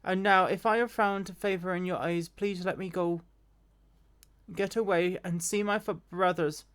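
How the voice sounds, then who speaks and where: A woman voicing an earnest young prince in a read-aloud scripture story, speaking lower and softer than her reading voice. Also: steady tone, a little slow, lightly acted. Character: earnest young male prince pleading for his friend.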